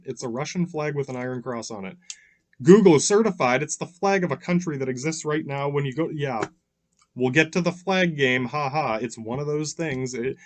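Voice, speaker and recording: A man hosting a podcast, delivering a rambling, profane monologue that keeps breaking off into "yeah" and restarts. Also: mid-range voice. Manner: profane, restless, self-interrupting with frequent "yeah" fillers. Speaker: podcast host.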